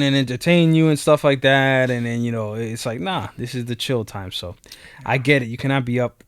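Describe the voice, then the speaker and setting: A man's voice: mid-range voice, normal speed, smooth, no echo, clean studio sound. Laid-back, plain-spoken male podcast co-host. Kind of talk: casual chat.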